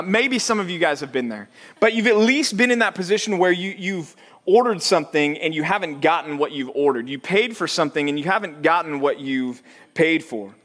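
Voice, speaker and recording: Young male pastor, somewhat high voice, chatty storytelling sermon. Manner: conversational, animated storytelling with acted-out quotes.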